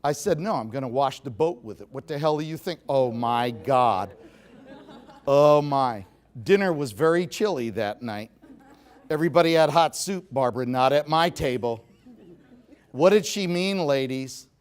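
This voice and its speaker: Animated joking male speaker. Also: fairly high pitch, unhurried, clear, resonant tone. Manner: animated, joking, addresses the audience directly. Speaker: motivational speaker. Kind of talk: humorous seminar talk to a live audience. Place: live talk before an audience.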